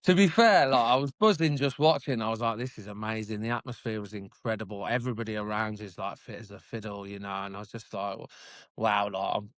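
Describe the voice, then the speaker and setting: A man's voice: lowish voice, fast, hardly any pauses, fairly bright tone, no echo. A British man in his forties telling his story as a podcast guest, chatty and self-deprecating, laughing often. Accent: British English. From United Kingdom. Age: 40s. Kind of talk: casual interview storytelling.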